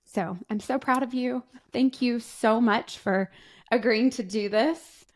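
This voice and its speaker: A woman in her forties, a podcast co-host, speaking in casual chat about her son, heartfelt and emotional. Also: on the high side. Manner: heartfelt, emotional, slow and searching. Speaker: podcast co-host, guest's mother.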